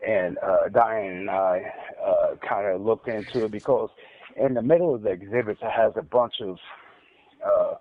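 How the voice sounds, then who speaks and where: A man with a fairly low voice, speaking at normal speed, tells his account as an inmate over a tinny prison phone line with slight background noise. He stutters, rambles, repeats words, and gets heated while recounting events.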